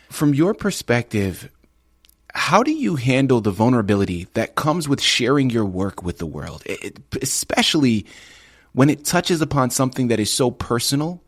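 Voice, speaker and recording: A man hosting a radio interview, reacting effusively and then asking a measured question. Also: mid-range voice, big pitch swings, dry recording, studio quality. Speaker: radio host.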